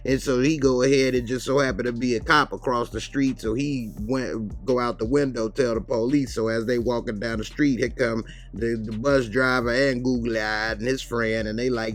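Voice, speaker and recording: With a steady mid-range voice, a male TV reviewer walks through an episode's scenes in an easygoing, conversational manner. He briefly acts out quotes as he goes.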